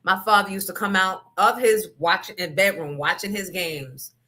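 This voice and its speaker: Brief: woman host, casual chat, bright and forceful tone, candid and salty. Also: medium pitch, moderate pace, a little hiss or hum. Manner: candid, profane storytelling with asides to the audience.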